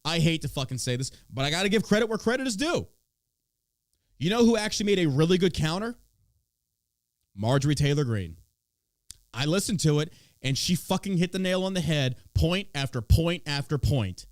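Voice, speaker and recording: A man's voice: on the high side, lively intonation, moderate pace, no room sound, studio quality. A man hosting a podcast, ranting casually about politics in a profane, sarcastic way. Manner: profane, sarcastic, swinging between loud and mocking. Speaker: podcast host.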